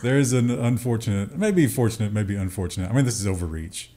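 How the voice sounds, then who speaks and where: A man's voice: fairly low pitch, animated, fast, warm tone, slight background noise. A man co-hosting a casual tech news show, chatty and joking, often slipping into mocking voices. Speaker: co-host.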